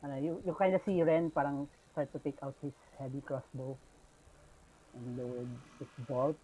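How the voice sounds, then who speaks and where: A man's voice: medium pitch, fairly even intonation, normal speed, dark tone, slight background noise, poor audio. A man with a Filipino accent narrating a tabletop game as game master, with many fillers, switching between English and Tagalog.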